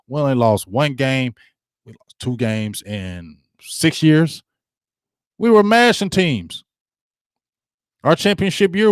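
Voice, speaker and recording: A man's voice: medium pitch, no echo, clean studio sound. A middle-aged man hosting a sports talk show, ranting with heat and slang to his live viewers. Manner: fired-up, ranting, slangy and repetitive. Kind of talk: passionate sports rant to a live chat.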